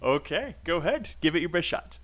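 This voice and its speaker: Male teacher, fairly high voice, encouraging, laughs a lot, live online class. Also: sing-song, a little fast, fairly bright tone. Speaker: English speaking teacher.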